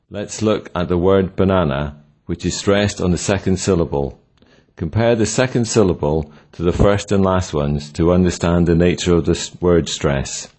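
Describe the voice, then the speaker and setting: A man narrating a scripted pronunciation lesson, slowly and deliberately sounding out example words. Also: deep voice, darkish tone. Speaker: pronunciation teacher.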